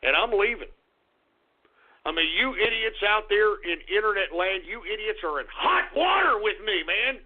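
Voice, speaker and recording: A man hosting a radio show, ranting angrily, swearing and swinging between low grumbling and shouting. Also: very animated, normal speed. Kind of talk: ranting call-in radio talk. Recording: tinny phone-like radio recording.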